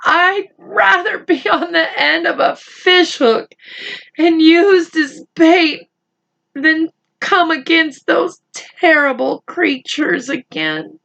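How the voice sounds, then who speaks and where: A woman voicing a panicky, gloomy blind male earthworm in a read-aloud storybook, shrieking high. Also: expressive, very slow, dull audio, exaggerated voice. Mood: terrified. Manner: shrieking, wailing.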